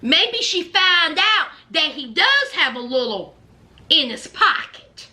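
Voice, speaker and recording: Woman, reality TV commentator, sassy and scolding, lively swooping voice. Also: high-pitched, slow. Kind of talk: sassy reaction recap.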